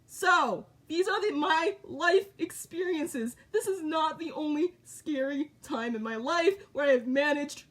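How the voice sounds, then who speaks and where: A woman's voice: high voice, a little slow, few pauses, a bit bright. A middle-aged woman vlogging in short, repetitive, blunt sentences. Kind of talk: casual monologue to camera.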